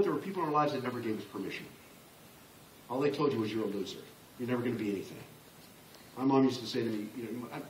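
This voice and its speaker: A man in his sixties giving a motivational business talk to a large room, impassioned and building to loud emphatic peaks. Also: on the low side, a little hiss or hum. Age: 60s. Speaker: motivational speaker. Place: large conference room with an audience. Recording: roomy, distant live-hall recording.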